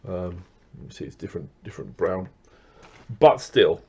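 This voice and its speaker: A man's voice: low voice, expressive, normal speed, dark tone, slightly rough, lo-fi sound. A man chatting casually as he unboxes record purchases, rambling with lots of fillers and restarts. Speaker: record collector vlogger.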